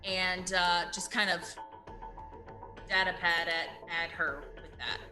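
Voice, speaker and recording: A woman's voice: on the low side, fairly even intonation, takes it slowly, sharp tone. A woman player describing her character's actions in a tabletop game, hesitant and searching for words, with music behind. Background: background music.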